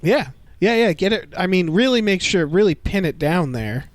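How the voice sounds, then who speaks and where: A man's voice: sits high, expressive, moderate pace, no room sound. A man co-hosting a casual film podcast, talking in a wry, joking way and swearing freely. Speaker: podcast co-host.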